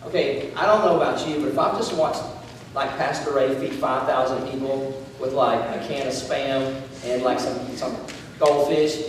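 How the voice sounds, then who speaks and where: A man preaching a lively sermon as a youth pastor, telling the story animatedly and acting out the dialogue. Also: medium pitch, normal speed. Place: large echoey meeting hall. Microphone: distant room mic. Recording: echoey hall from far off, faint noise.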